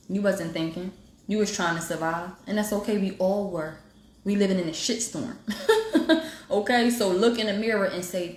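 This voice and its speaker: A woman's voice: medium pitch, fairly quick, roomy sound. A woman with an African American Vernacular English accent, hosting a livestream and preaching about self-healing in a direct, emphatic way. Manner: direct, preachy and emphatic, talks straight to viewers. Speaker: livestream host giving spiritual motivation. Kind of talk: casual livestream talk. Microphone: phone livestream.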